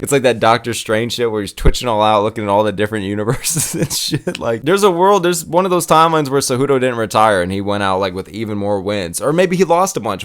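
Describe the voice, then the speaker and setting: A man's voice: lowish voice, a bit bright, clear, resonant tone. A man hosting a casual fight-commentary tier list, talking in a heated, profane, slangy rant. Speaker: MMA commentary channel host.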